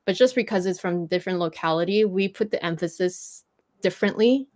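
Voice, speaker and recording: A woman's voice: lowish voice, a little fast, a little mellow. A woman with a French Canadian accent, a native French speaker, patiently explaining pronunciation in a casual livestream chat. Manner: patient, explaining with many fillers. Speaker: host teaching French pronunciation.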